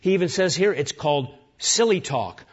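A man's voice: fairly high pitch, lively intonation, moderate pace, breathy edge, lo-fi sound. A man preaching a sermon as pastor, earnest and emphatic, piling up lists of words.

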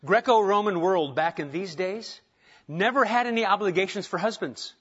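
Pastor guy preaching in church, kinda high voice, chatty and joking, a bit muffled. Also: normal speed, a bit bright, husky. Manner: conversational preaching with rhetorical questions and humor. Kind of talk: sermon. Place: church sanctuary.

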